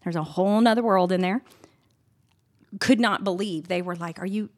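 A middle-aged woman, a guest in an interview, telling a personal story in an earnest, candid way and getting animated when she retells scenes. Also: fairly low pitch, moderate pace.

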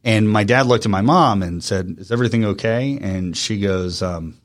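A man in his thirties from Virginia, a guest telling an emotional personal story in an earnest, halting way with frequent restarts. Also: deep voice. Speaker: interview guest.

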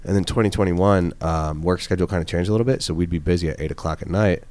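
Male podcast host, very low voice, quick animated storyteller. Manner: fast, animated storyteller, slangy. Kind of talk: casual chat.

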